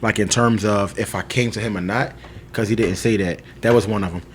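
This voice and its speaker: A man's voice: fairly low pitch, steady tone, a little fast, slight background noise. A young man telling a long personal story in casual podcast chat, loose and chatty with lots of fillers. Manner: loose storyteller, lots of "like" and "you know", laughs often. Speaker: podcast co-host.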